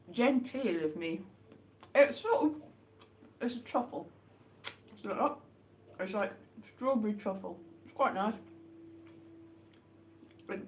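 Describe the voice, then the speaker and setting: A woman chatting casually on a live stream as she eats chocolates, rambling with wry, deadpan jokes. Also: mid-range voice, slight background noise. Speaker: livestream host. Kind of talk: casual live chat while eating chocolates.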